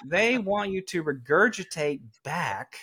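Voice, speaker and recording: A middle-aged man from Atlanta with a Southern accent, speaking as a guest on a podcast. His voice sits a bit higher than most men's. He tells stories in a lively way and acts out the people he quotes. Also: measured pace, slightly rough. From Atlanta, Georgia, US. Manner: animated storyteller who acts out quoted people. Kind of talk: conversational storytelling.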